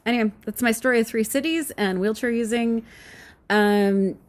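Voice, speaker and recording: A woman's voice: fairly high pitch, normal speed. A middle-aged woman, a podcast host, telling a story in a casual, snarky, candid way and laughing often.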